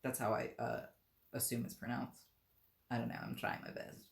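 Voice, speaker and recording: Very low-voiced woman reading aloud. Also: sing-song, creaky. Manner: unhurried, self-deprecating asides. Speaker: streamer reading a book aloud. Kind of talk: storybook read-aloud on a live stream. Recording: roomy echo.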